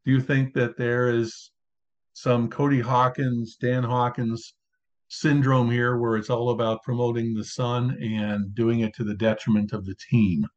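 A man's voice: medium pitch, little pitch movement, measured pace. A man hosting a casual sports talk show, laying out his case one point after another. His voice sits in a middle register. The recording is dull and lo-fi. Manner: conversational, builds arguments point by point. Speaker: podcast host. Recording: dull lo-fi sound.

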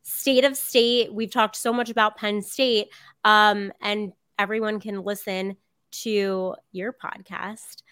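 A woman's voice: medium pitch, little pitch movement, slow, fairly bright tone, smooth, no room sound, clean studio sound. A woman hosting a podcast in a casual interview, chatty and bubbly, often saying "um" and "like". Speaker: podcast host.

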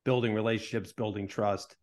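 A man co-hosting a sports talk show, laying out his reasoning in a measured, deliberate way. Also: on the low side, fairly even intonation, a little mellow. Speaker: sports broadcaster and podcast co-host.

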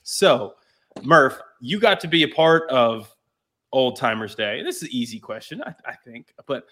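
A man's voice: medium pitch, sing-song, unhurried, bright, forceful tone. A man hosting a casual podcast, asking long, rambling, effusive questions of his guest. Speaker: podcast host.

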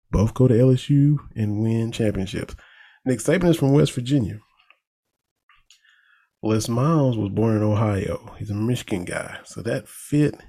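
A man from Eastern Kentucky with a country accent, giving casual, folksy sports commentary as a talk host. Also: mid-range voice. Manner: folksy, animated, laughs at his own jokes.

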